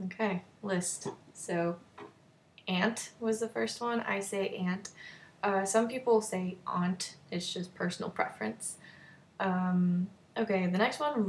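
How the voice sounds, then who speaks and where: A woman's voice: medium pitch, vocal fry, a little hiss or hum. A young woman with a North Texas accent chatting casually in a vlog, with many fillers and small laughs. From North Texas, USA. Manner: chatty, giggly, lots of fillers and likes. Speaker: vlogger. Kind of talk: casual chat.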